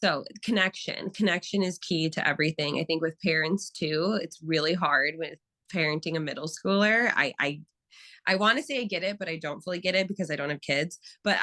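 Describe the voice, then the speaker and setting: A young woman with a low-set but bright, forceful voice chats as a therapist guest in an interview. She tells lively stories and acts out the people in them. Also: low-quality recording. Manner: animated storytelling with acted quotes. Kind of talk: casual interview talk.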